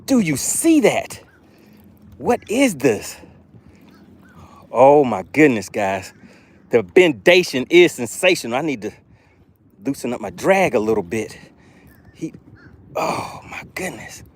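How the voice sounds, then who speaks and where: Excitable man streaming from a fishing boat. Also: mid-range voice, measured pace, pauses often. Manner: excitable, exclamatory, reads chat aloud. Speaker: fishing livestream host. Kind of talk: live fishing stream commentary. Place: on a boat outdoors.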